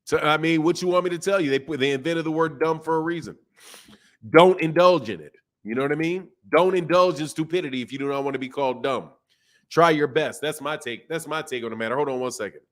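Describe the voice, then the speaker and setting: A fairly high-voiced man hosting a casual boxing livestream. He talks loosely in slang and jumps between points with lots of restarts. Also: fast. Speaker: boxing channel host. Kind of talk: casual livestream chat reading super chats.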